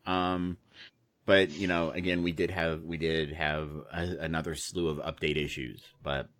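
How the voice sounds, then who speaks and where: A man co-hosting a casual gaming podcast, talking in a relaxed, chatty way with many fillers. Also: extremely low pitch, measured pace. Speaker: podcast co-host.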